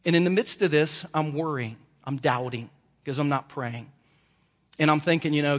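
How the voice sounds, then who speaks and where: A man's voice: a little high, moderate pace, fairly bright tone. A male pastor delivering a sermon in an emphatic, storytelling way. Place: church sanctuary. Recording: reverberant church hall.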